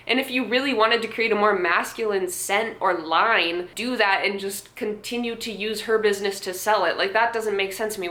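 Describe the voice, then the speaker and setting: A woman's voice: mid-range voice, sharp tone. A young woman vlogger giving blunt, sarcastic commentary, swearing and laughing often. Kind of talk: casual commentary. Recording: echoey room.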